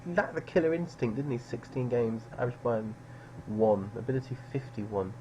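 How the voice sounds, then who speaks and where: A man's voice: mid-range voice, expressive, normal speed, warm tone, dull audio, a little hiss or hum. A man streaming live poker, musing over players in a dry, sardonic way.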